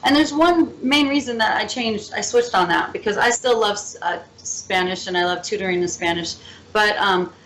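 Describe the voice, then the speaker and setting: A young adult woman, a guest on an interview show, telling anecdotes in a lively, casual way. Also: mid-range voice, normal speed, slight background noise, poor audio. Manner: lively storyteller, laughs through anecdotes. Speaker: guest, entrepreneur and teacher.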